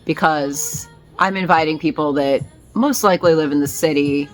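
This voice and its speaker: A woman's voice: low voice, normal speed, faint music behind. A woman vlogging in a casual, rambling way, with many fillers and restarts. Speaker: vlogger and small business owner.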